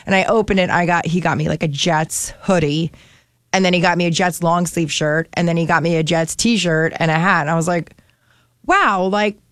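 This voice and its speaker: Chatty, giggly woman, low and dry. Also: steady tone, fairly quick, no echo. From New Jersey. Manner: chatty, giggly storyteller with many fillers. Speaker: radio show co-host. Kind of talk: casual chat.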